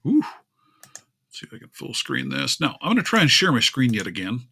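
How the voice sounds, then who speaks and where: A man hosting a relaxed live stream complains aloud when his screen share won't work, chatting away and addressing his cat. He speaks fairly quickly in a gravelly, medium-pitched voice whose pitch swoops wildly, and the audio is very noisy.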